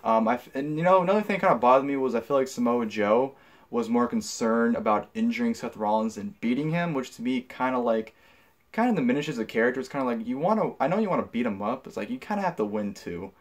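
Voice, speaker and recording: A man's voice: mid-range voice, fast. A young man giving a casual spoken review, rambling with many fillers and restarts, blunt and profane when annoyed. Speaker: wrestling show reviewer.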